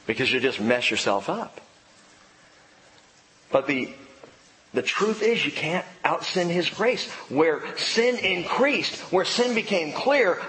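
A man preaching a sermon as a pastor, playful and animated, with sudden emphatic outbursts. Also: a little high, a little hiss or hum. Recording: reverberant hall with faint ambience.

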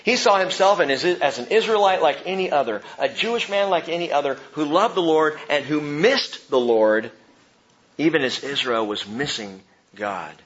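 Impassioned preacher man, lively pitch. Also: moderate pace, dull audio. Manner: impassioned, swings between loud outbursts and hushed tones. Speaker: pastor. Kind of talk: sermon.

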